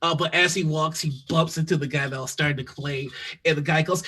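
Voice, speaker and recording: A man runs a tabletop game, narrating scenes in a loose, profane way. His voice is high and piercingly bright. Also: steady tone, quick pace. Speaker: game master.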